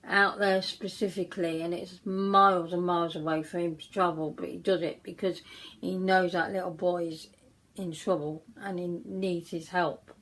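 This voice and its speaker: Woman, vlogger, casual makeup chat, rambling storytelling, unhurried, lowish voice. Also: poor audio. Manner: rambling, chatty storytelling with many restarts. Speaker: beauty vlogger.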